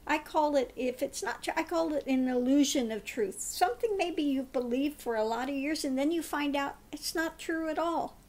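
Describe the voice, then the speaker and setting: A woman's voice: high-pitched, normal speed, hardly any pauses, a little mellow. A woman giving a spiritual tarot card reading in a meandering way, often laughing. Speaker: tarot reader.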